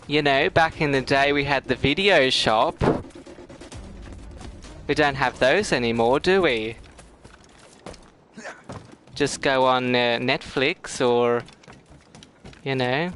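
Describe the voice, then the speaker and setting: A man's voice: mid-range voice, takes it slowly, pauses often, fairly bright tone, faint music behind. A middle-aged man chatting casually with viewers while streaming a game, giggling often and laughing hard. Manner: giggly, breaks into fits of laughter; chatty, talks to chat viewers. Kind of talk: casual gameplay livestream chat.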